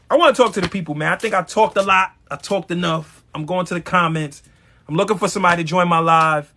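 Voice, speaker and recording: High bright preachy man on a live stream. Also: fast. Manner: emphatic, preachy, blunt with profanity; addresses viewers directly. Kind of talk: motivational live-stream talk.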